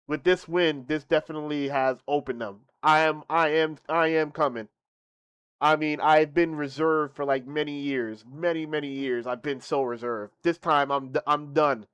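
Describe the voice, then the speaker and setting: Smooth-voiced man streaming, boasting and thanking. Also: mid-range voice, steady tone, normal speed, no echo. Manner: boastful, laughing, then softly grateful. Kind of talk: casual stream chat.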